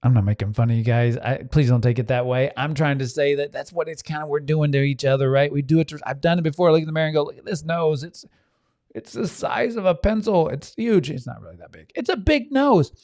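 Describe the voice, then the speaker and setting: Earnest male podcaster, mellow and lively. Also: medium pitch, fast talker, few pauses, dry recording, clean studio sound. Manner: earnest and animated, acts out inner voices in quotes; frequent restarts and audience asides. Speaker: podcast host, self-help speaker. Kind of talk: motivational podcast monologue.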